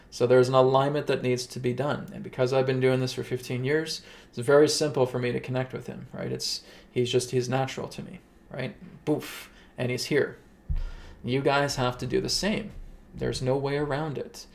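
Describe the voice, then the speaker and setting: A man hosting a spiritual gathering, explaining breathing practice in quick, conversational talk with frequent check-ins to listeners. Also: mid-range voice, vocal fry. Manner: quick, conversational, keeps asking "right?". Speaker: spiritual teacher and host. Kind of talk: casual spiritual teaching.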